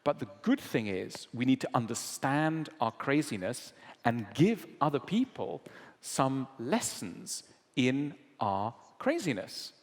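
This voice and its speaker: A man's voice: medium pitch, slow pace. A man speaking, answering an audience question at a public lecture and acting out little dialogues as he explains. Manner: animated storyteller acting out quoted dialogue. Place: lecture hall. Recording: long hall reverb.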